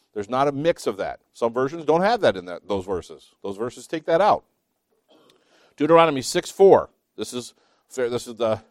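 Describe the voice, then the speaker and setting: A man teaching a Bible class, reading scripture slowly with emphasis between chatty asides and small self-laughs. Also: mid-range voice, dry recording, clean studio sound.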